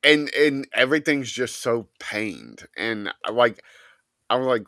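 A man's voice: medium pitch, animated, slow, bright, forceful tone, no room sound, studio quality. A man in casual chat, giving blunt, offhand opinions.

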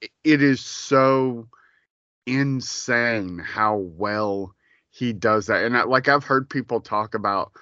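A man co-hosts a casual pop-culture podcast, speaking slowly and emphatically and swearing now and then. His voice is bright and forceful. The sound is dry and a little dull, like a lo-fi recording. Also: medium pitch, no echo. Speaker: podcast co-host.

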